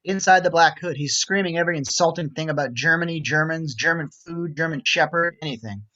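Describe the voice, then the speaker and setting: A man reads the stage directions of a script in an even, measured voice, pitched a little high. The recording is somewhat dull and lo-fi. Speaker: narrator reading stage directions. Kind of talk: script reading narration.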